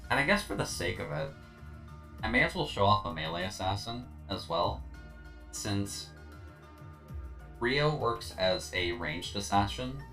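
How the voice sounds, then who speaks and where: A man's voice: fairly low pitch, big pitch swings, a little slow, pauses often, pushed and bright, faint music behind. Tired, laid-back male game streamer. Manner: laid-back, rambling, many fillers. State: tired, slightly slurred. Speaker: streamer playing a video game. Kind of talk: casual gameplay commentary.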